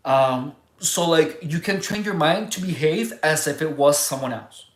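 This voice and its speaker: A livestream host talking casually and answering viewers' chat, rambling and halting, restarting sentences and searching for words. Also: medium pitch, lively intonation, echoey room.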